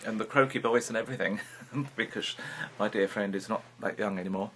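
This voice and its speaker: A man in his fifties from Britain talks briskly in a fairly low, fairly bright voice, with a little hiss or hum in the recording. His personal vlog is a frank, rambling monologue full of casual swearing.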